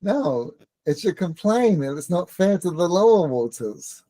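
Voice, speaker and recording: Brief: male rabbi, warm-dark tone, dry close recording, chatty teacher who quizzes his class. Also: high-pitched, very animated, measured pace, no room sound. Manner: joking, conversational, asks the room questions. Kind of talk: informal Torah lesson with banter.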